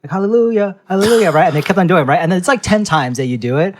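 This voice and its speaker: A man's voice: a little high, animated, rapid-fire, slight background noise. A young man co-hosting a casual podcast, laughing often as he tells stories. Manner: giggly, laughs often while telling stories. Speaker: podcast co-host. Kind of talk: casual chat.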